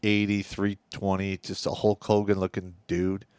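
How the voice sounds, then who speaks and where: A former army leader co-hosting a casual show, telling stories in a blunt, rough-edged way. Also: male voice, deep voice, monotone, moderate pace, darkish tone, no echo. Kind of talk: casual banter.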